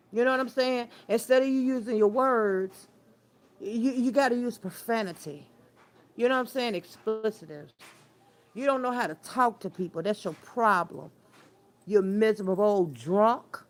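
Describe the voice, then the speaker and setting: A woman hosts a casual livestream, greeting her viewers while scolding someone in a sassy, trash-talking way. She stretches words out for emphasis, and her voice sits a little high.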